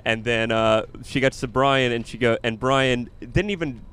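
A man's voice: mid-range voice, normal speed, a bit bright, clean tone. A man, a comedian, telling a funny story in casual chat and laughing along as he goes. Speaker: comedian and podcast host.

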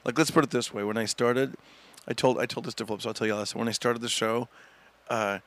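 A man's voice: medium pitch, fairly even intonation, brisk. A man, a stand-up comedian, telling a rambling story with frequent chuckles in a casual podcast chat.

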